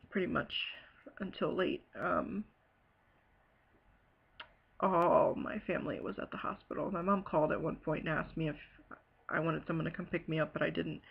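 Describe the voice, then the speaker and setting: A woman from Ohio telling a personal story in a halting, hesitant way, full of fillers and pauses. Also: lowish voice, gravelly, husky, highs cut off. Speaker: bereaved sister telling her story. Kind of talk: personal testimony.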